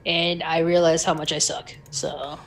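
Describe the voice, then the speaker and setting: A woman chats on a live tabletop stream in an unhurried, drawn-out way. She giggles often and keeps running herself down. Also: low-pitched, flat delivery, creaky. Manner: self-deprecating, giggly. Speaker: player. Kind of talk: casual chat on a live stream.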